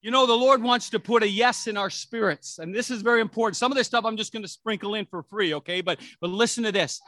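A man's voice: sits high, quick pace, bright, forceful tone, dry recording. A middle-aged man preaching a sermon as pastor, conversational and rambling, with restarts and asides.

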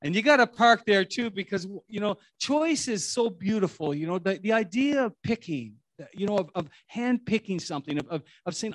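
A man's voice: high-pitched, expressive, normal speed, few pauses, a bit bright, no echo. A middle-aged man preaching a sermon in a rambling, conversational way, full of restarts and asides. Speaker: pastor.

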